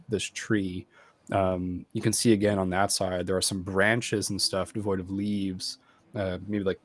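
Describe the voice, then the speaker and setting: A man with a very deep voice runs a tabletop game as game master. He describes the scene in a loose, rambling way, full of "like" and "um".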